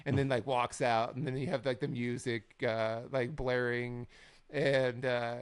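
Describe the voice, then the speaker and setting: A man's voice: medium pitch, level tone, moderate pace, clean tone. A man co-hosting a wrestling recap podcast in casual chat, wry and rambling, often quoting others in a mock-dramatic way. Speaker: podcast co-host.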